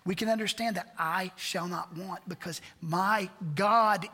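A man's voice: high voice, fairly even intonation, measured pace, sharp tone. A man pastor preaching a sermon, earnest and repetitive, asking rhetorical questions. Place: church sanctuary. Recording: church hall reverb.

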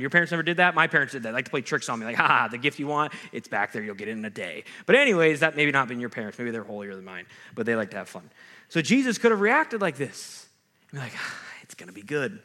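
Bright-voiced young male pastor preaching. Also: mid-range voice. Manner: conversational, jokey asides, acts out quoted voices. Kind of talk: sermon.

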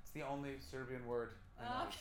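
A man doing improvised stand-up as host of a live podcast in a small comedy club, teasing and swearing at the audience with quick, playful energy. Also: medium pitch, very animated. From Canada. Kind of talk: improvised stand-up crowd work. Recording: roomy club sound with crowd. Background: audience laughter.

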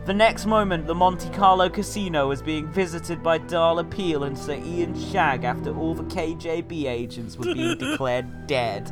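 A man's voice: a little high, lively intonation, moderate pace, hardly any pauses. A man reading a silly story aloud as a comedy podcast co-host, with theatrical delivery and laughing asides. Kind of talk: comic dramatic reading. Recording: podcast with music underneath.

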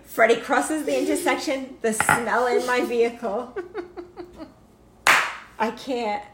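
A middle-aged woman telling a casual anecdote, animated and laughing often, swearing freely. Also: on the high side, slow, echoey room, heavy background noise. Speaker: storyteller.

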